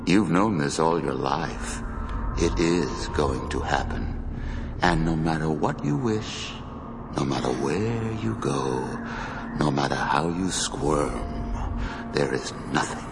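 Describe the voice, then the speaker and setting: A deep, gravelly masked supervillain. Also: male voice, lively intonation, slow pace, background noise, heavily acted. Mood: menacing. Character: menacing masked male supervillain, cold and taunting. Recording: dramatic score behind the voice.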